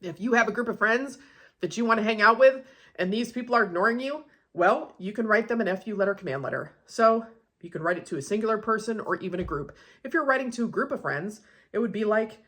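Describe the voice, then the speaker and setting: A woman's voice: mid-range voice, animated, quick pace, a bit bright. A woman coaching in a casual, instructional way, blunt and peppered with swearing. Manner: blunt and profane, emphatic. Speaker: manifestation coach.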